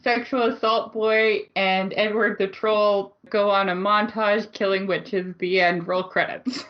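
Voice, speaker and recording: A woman's voice: medium pitch, fairly even intonation, measured pace. Woman, podcast co-host, casual chat, blunt, laughs a lot, slightly muffled audio. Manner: chatty, laughs often, blunt and dismissive. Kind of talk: casual movie discussion.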